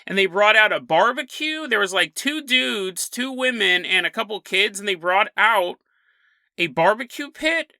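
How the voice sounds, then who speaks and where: A man hosting a podcast, telling a strange story in a chatty, animated way. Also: sits high, moderate pace, no room sound. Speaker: podcast host. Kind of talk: casual solo podcast monologue.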